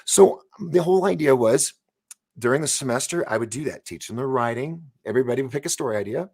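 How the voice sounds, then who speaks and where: A man's voice: medium pitch, quick pace, slightly rough. A man hosting a live interview show, telling long stories in casual chat with frequent laughs and restarts. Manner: animated storyteller, laughs and restarts often. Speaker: show host.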